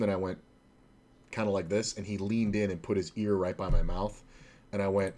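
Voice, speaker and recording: A man's voice: lowish voice, level tone, moderate pace, a little mellow. A man who streams online poker, telling a long, casual, profane story with many "uh"s and restarts. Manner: rambling, profane, heavy on filler words. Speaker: poker streamer and former casino dealer trainer.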